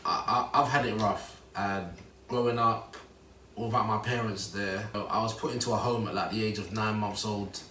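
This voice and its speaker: A man, giving a mock-earnest speech in a deadpan way. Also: fairly low pitch, moderate pace, a little hiss or hum. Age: 30s. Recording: roomy, distant phone recording.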